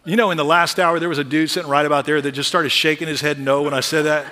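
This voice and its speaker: A man preaching a sermon as pastor in a large church, lively and conversational with humorous asides. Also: a little high, quick pace. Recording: long reverb of a large hall.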